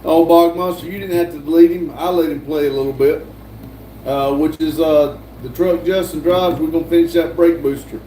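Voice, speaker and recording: A middle-aged man hosting a casual live stream, reading viewer comments aloud with many pauses and uhs. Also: a little high, fairly even intonation, dark tone. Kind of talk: casual chat. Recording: echoey room, distant mic, faint noise.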